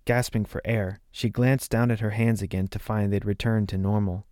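Low-voiced man narrating a story. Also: steady tone, moderate pace, a little mellow, dry recording, studio quality. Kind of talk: audiobook narration.

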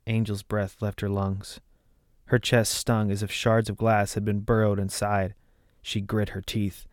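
A man reads a fantasy story aloud in a measured, steady voice. His pitch sits low and the recording is dry and close, with no room sound. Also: no room sound. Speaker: narrator. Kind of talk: audiobook narration.

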